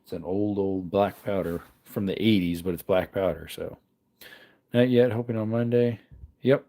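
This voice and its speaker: A man's voice: deep voice, normal speed, mellow. A man casually chatting on a livestream, reading comments aloud while tinkering with parts. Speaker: livestream host.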